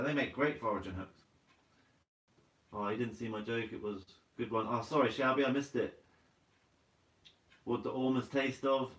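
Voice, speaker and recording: A man's voice: mid-range voice, a bit bright. A man hosting a casual live stream, chatting easily with viewers, reading their comments aloud and laughing often. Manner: laid-back, chatty, laughs often, says mate a lot. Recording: roomy sound from a distant mic.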